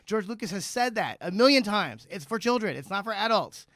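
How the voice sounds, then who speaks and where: A man's voice: sits high, lively intonation, brisk, few pauses, fairly bright tone, no room sound. A man co-hosting a comedy podcast, ranting in a profane, agitated way. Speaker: podcast co-host. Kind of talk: comedic rant. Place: club basement studio.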